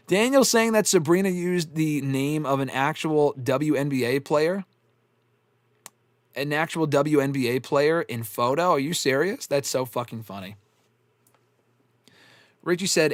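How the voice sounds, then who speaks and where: A man hosts a casual live stream, reading viewers' messages aloud and riffing on them with frequent laughter and plenty of swearing. His voice sits somewhat high and swings widely in pitch. The sound is dry and close, with no room echo. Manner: swears often, laughs a lot, animated and rambling. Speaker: host answering live chat.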